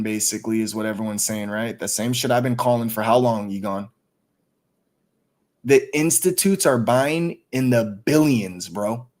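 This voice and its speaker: A man hosting a casual livestream, talking excitedly and cursing freely. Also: medium pitch. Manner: excited, profane, hyped up. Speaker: stream host.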